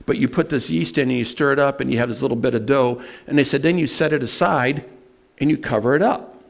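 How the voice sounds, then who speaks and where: A man preaching a sermon as pastor, telling personal stories in an earnest way and slowing down to stress scripture. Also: medium pitch, gravelly. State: emotional at moments.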